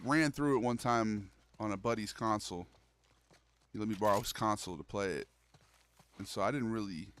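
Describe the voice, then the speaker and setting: A young man with a mid-range, slightly bright voice streams a horror game. His chat with viewers is casual and loose, heavy on slang, and he calls them "bro."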